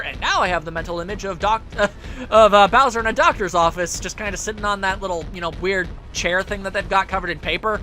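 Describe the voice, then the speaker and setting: A man's voice: high voice, fast talker, pushed and bright, soft background music. A man giving casual, joking commentary while playing a video game, rambling playfully. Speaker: let's play commentator.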